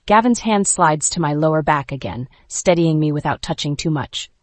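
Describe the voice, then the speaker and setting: Woman narrating a dark romance audiobook. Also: sits low, animated, normal speed, no room sound.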